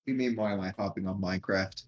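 Husky deadpan podcast guy. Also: low-pitched, fast, lo-fi sound. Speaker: podcast co-host. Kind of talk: casual chat.

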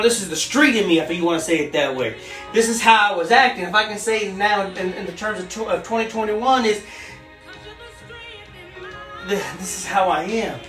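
Earnest woman preaching with soft music. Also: mid-range voice. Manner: earnest, repeats phrases, slows down for scripture. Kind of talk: sermon.

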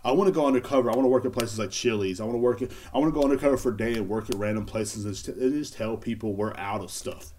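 A man's voice: lowish voice, very fast, hardly any pauses, a little mellow, a little hiss or hum. A man hosting a casual solo podcast, rambling and joking with lots of swearing and filler words. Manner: rambling, joking, profane, laughs at own bits. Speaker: podcast host.

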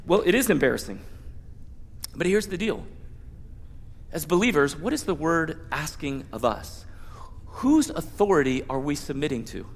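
A man preaching a sermon as pastor, animated, playfully acting out prayers and Bible scenes. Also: fairly high pitch, normal speed, gravelly, pauses often, long reverb tail.

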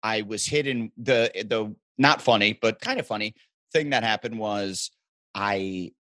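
A man from the Midwest telling stories as a guest, animated and joking in casual chat. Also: lowish voice, no echo. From American Midwest. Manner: animated storyteller, joking, quick asides.

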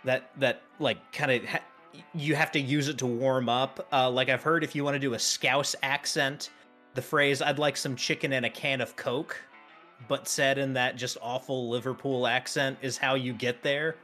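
A man's voice: mid-range voice, steady tone, normal speed, bright, forceful tone, soft background music. A man hosting a podcast in casual chat, talking with frequent restarts and fillers. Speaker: podcast host.

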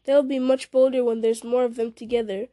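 A woman's voice: fairly high pitch, little pitch movement, fairly quick, dark tone, no echo, natural voice. A woman reading aloud, voicing a cautious young male hobbit who weighs the danger. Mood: wary. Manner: reasoning, wary.

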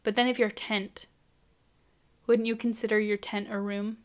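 A woman's voice: mid-range voice, level tone, normal speed. A young woman vlogging in a casual, chatty way, full of incredulous rhetorical questions. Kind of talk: casual chat to camera.

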